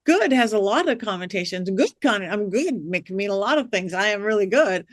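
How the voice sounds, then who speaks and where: A woman spinning animated anecdotes in a podcast interview, jumping into the voices of the people in her stories. Her pitch sits mid-range, and the recording is close and dry with no room sound. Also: brisk, no echo. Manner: animated storyteller acting out quoted voices. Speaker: guest, witch and psychic medium. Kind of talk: storytelling interview chat.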